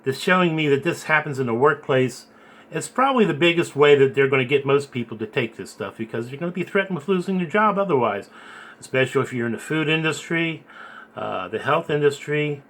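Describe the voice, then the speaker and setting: Bright-voiced man telling a dream. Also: fairly high pitch, lively intonation. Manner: rambling, halting, repeats words. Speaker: video blogger recounting a dream. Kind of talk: earnest spoken storytelling and preaching.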